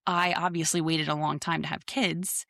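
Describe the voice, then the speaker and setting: A woman's voice: low voice, flat delivery, normal speed, creaky, fairly bright tone, dry recording, clean studio sound. A woman in her thirties co-hosting a podcast, chatting casually and bluntly, with some swearing. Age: 30s. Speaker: podcast co-host. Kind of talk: casual chat.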